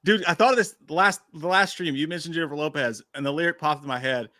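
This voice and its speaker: A man's voice: fairly high pitch, fast talker, pushed and bright, dry recording, studio quality. A man co-hosting a casual live stream, cursing freely, laughing often and reading chat messages aloud. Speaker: podcast co-host.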